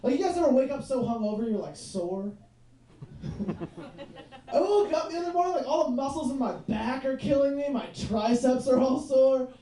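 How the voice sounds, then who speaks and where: Warm in tone and very high-voiced, this young man in his twenties delivers an animated, rambling stand-up routine at normal speed on a bar stage for a live crowd. Fillers like "like" and "you know what I mean" pop up constantly, and the roomy bar is picked up from a distance.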